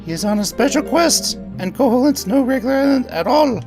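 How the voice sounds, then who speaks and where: A man's voice: very high-pitched, animated, fairly quick, over music. A man voicing a wise, long-winded owl who hoots and talks in grand, mysterious terms. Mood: grandly mysterious. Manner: hooting, grand and mystifying.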